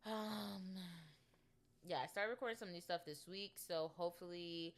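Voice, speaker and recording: Low-voiced young woman podcaster rambling. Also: moderate pace. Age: 20s. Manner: rambling and chatty, with many ums and laughs. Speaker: podcast host. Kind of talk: casual solo podcast chat.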